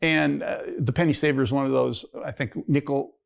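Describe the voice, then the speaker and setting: A man's voice: mid-range voice, steady tone, fairly quick, vocal fry. A man in his sixties, a pastor giving his personal testimony in a rambling, conversational way, jumping his voice up when he acts out old conversations. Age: 60s. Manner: rambling, conversational, acts out quoted dialogue in a raised voice. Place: church.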